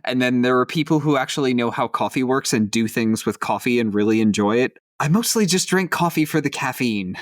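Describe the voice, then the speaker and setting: A man's voice: mid-range voice, animated, fairly quick, dry recording, studio quality. A man playing in a tabletop game, making chatty, playful asides to the listeners. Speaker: player.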